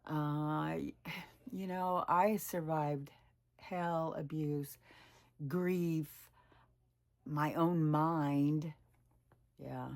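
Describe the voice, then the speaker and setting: A woman in her sixties talking candidly in a personal vlog, reflective and rambling, sometimes dropping to a whisper. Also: deep voice. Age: 60s. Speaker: weight loss vlogger.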